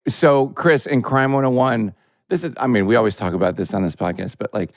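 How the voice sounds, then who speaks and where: A man co-hosting a podcast, talking in an enthusiastic, halting, self-deprecating way. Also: medium pitch, dry recording, clean studio sound. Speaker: podcast co-host. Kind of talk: casual interview banter.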